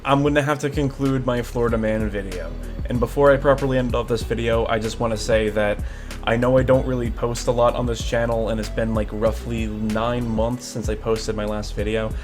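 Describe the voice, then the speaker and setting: A man vlogging a casual reaction video, rambling with many fillers and restarts. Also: medium pitch. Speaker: YouTube vlogger.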